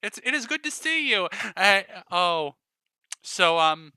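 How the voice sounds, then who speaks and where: A man's voice: high voice, very animated, slow pace, sharp tone, smooth, no room sound, pitched above the performer's own voice, heavily acted. A man voicing a polite, flustered young woman in a tabletop game, speaking in prim, stiff formal wording. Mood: warm greeting.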